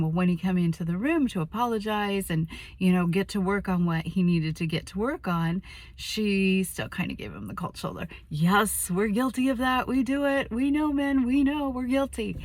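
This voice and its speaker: A woman's voice: mid-range voice, normal speed, no room sound. Chatty self-mocking woman, dry sound. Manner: chatty, self-deprecating, with fillers and asides. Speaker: relationship coach. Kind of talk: casual storytelling to camera.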